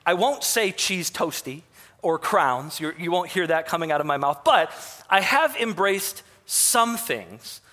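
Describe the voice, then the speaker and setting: A man's voice: fairly high pitch, very animated, a little slow, bright, forceful tone. A man in his thirties from Michigan, with a Michigan accent, preaching a sermon in a folksy, self-mocking way, full of fillers and restarts. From Michigan, USA. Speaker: pastor. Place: church sanctuary. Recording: long hall reverb.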